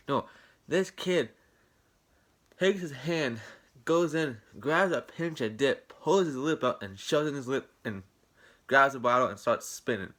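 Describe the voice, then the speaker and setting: A young man with a bright, forceful voice tells a storytime tale straight to his viewers. He rambles, swears freely and sounds indignant, circling back over the same points. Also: mid-range voice. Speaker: vlogger. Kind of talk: casual storytime rant.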